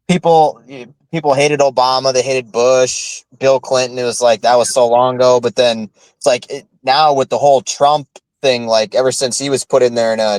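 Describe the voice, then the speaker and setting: A man co-hosting a podcast in casual chat, talking in a halting, rambling way with many fillers and restarts. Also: medium pitch, darkish tone, no echo, poor audio. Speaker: podcast co-host.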